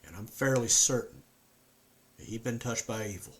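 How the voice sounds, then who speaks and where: A man voicing a grieving rural Southern man, speaking in a slow, halting drawl with a Southern accent as a dramatic monologue. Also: lowish voice, lively intonation, lightly acted. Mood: grim, haunted.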